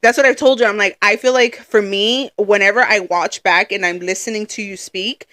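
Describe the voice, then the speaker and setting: Young woman, podcast co-host, casual chat, loud and animated, bright forceful voice, dry close sound. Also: mid-range voice, normal speed, no room sound. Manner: loud, animated storytelling with acted-out quotes.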